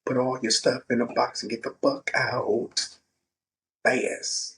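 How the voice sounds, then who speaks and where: A man's voice: medium pitch, fairly even intonation, slow pace, fairly bright tone, recorded from a distance. A man voicing a brash male entrepreneur who talks bluntly and curses. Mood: defiant. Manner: blunt, profane, dismissive.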